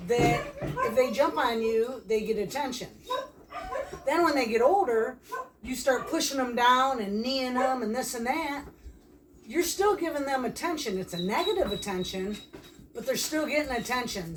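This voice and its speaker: A woman explaining puppy training outdoors in a plain, practical casual vlog manner. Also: fairly high pitch. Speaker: dog trainer. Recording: distant mic, faint background noise.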